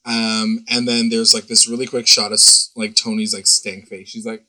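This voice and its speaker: Bright-voiced young man, casual rambling recap. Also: fairly low pitch, normal speed, hardly any pauses, low-quality recording. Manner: rambling, animated retelling with many fillers and quoted voices. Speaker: co-host recapping a TV episode. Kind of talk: casual chat.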